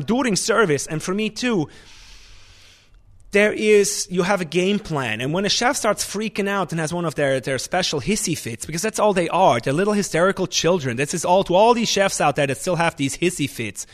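A man, a restaurant chef and owner, talking in an animated, emphatic way in a casual interview. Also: sits high, brisk.

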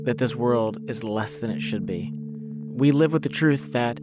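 A man from the United States giving calm, reflective devotional narration. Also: medium pitch, unhurried. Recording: voice-over over clear guitar music.

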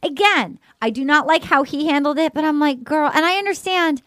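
Gushing high-voiced woman host. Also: a little fast, a bit bright, no echo, clean studio sound. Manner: gushing, exclaiming, acts out quotes. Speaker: podcast host. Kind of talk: casual podcast chat recapping a TV show.

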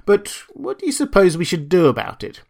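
A man's voice: high voice, wildly swooping pitch, fairly quick, creaky, a little mellow, voice pushed up, full character voice. A man voicing George, a bored and homesick computer engineer who talks in a dry, grumbling way, in an audiobook reading. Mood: weary. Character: weary, bored male computer engineer far from home.

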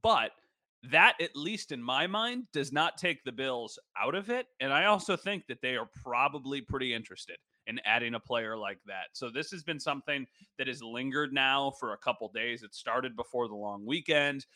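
Male podcast co-host, bright voice, chatty and self-deprecating, dry close mic. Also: mid-range voice, lively intonation, normal speed, dry recording. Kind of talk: casual podcast chat.

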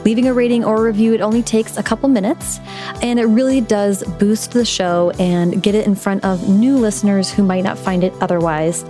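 A woman's voice: medium pitch, steady tone, brisk, dark tone, faint music behind. A woman hosting a podcast about writing, reading the show's announcements and then interviewing her guest in a friendly, chatty way. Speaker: podcast host. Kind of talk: podcast intro read and interview.

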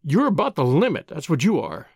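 A gruff, suspicious middle-aged man barks and snarls each line with lively swings in pitch. A man reads him aloud in a storybook. The sound is dry and close, with no room around it. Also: moderate pace, no echo. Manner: snarling, barking.

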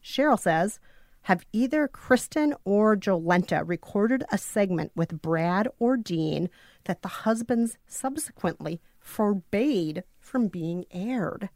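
Casting: female podcast host, mid-range voice, steady, dry close mic. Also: mid-range voice, slow pace, dry recording. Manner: steers conversation. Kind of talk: casual chat, reading listener questions.

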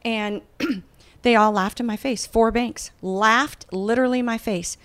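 A woman recounts her story as an interview guest, with a slightly high voice. She is animated and slips into the voices of the people in her story. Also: unhurried. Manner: animated, acts out quoted voices. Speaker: guest, bakery founder.

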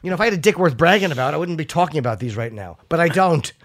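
Male radio host, slightly high voice, dry close-miked studio, joking and self-deprecating. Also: expressive, racing, a bit bright, dry recording. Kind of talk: casual radio chat.

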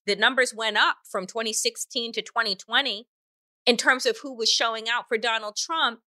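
A woman's voice: medium pitch, sharp tone, no echo, studio quality. A woman hosting an interview, asking long, impassioned, pointed questions in a conversational way. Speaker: podcast host.

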